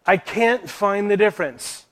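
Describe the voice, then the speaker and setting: A man's voice: high-pitched, measured pace, fairly bright tone. A man giving an earnest Bible teaching to church leaders, posing rhetorical questions as he goes. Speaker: Christian teacher.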